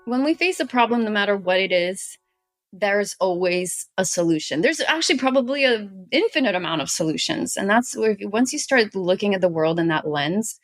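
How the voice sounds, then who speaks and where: A woman's voice: mid-range voice, animated, moderate pace, no echo, faint music behind. Earnest woman from Ukraine. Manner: earnest and emphatic, strings clauses together. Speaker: guest entrepreneur. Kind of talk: podcast interview.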